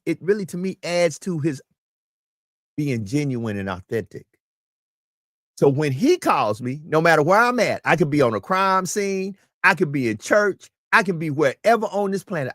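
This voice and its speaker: A man's voice: on the high side, a bit bright, no echo, clean studio sound. A man speaking as a talk show guest, emphatic and preachy, often repeating his words. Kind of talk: casual talk show chat.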